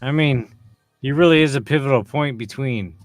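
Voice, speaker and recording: A man's voice: mid-range voice, moderate pace, no echo, studio quality, faint music behind. A man co-hosting a podcast in casual chat, laid-back, with blunt, swearing opinions. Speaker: podcast co-host.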